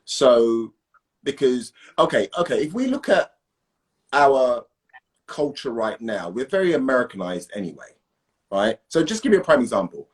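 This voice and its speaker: Male guest, animated and emphatic, mid-pitched. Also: moderate pace. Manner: animated, emphatic, asks "right?" often. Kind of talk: casual conversation.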